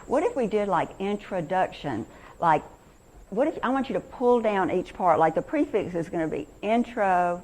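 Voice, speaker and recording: A woman teaching reading, chatty and enthusiastic, slowing down to sound out words. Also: medium pitch, big pitch swings, a little mellow, poor audio. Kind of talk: teaching demonstration.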